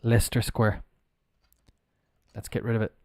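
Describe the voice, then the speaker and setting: A man from Ireland teaching English on a live stream, who spells words out slowly letter by letter and explains how they are pronounced. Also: on the low side, level tone, warm tone, dry recording, clean studio sound. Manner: explains pronunciation while working on screen.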